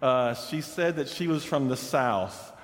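A man from the Pacific Northwest tells a funny, animated story in a sermon. His voice sits in a middle range. It rings with the long reverb of a large hall. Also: medium pitch, unhurried. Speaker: preacher.

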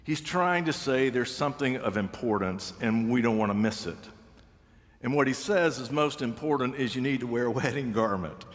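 A man's voice: mid-range voice, normal speed. A man preaching a sermon, telling stories with dry humor and acting out the voices he quotes. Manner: wry storytelling, acts out quoted voices. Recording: long reverb of a large hall.

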